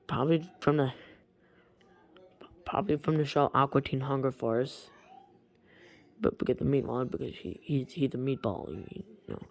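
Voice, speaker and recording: A woman casually retelling a strange story, halting often and restarting her sentences. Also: a bass voice, steady tone. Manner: halting, with many restarts and repeated words.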